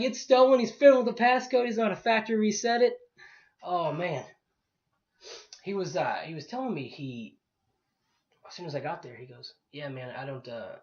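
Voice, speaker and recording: A man, animatedly telling a story in casual podcast chat, swearing freely and acting out the other people in it. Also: mid-range voice. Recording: dull lo-fi recording.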